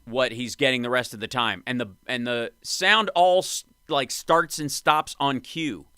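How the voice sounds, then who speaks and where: A man hosting a live stream, reacting to clips with wry, excitable commentary. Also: medium pitch, measured pace, clear, resonant tone, no echo. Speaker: host.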